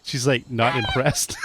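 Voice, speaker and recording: A man's voice: fairly high pitch, background noise. A man giving casual, chatty gameplay commentary, often laughing and talking to the animals in the game. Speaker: gameplay streamer. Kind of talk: casual let's-play commentary.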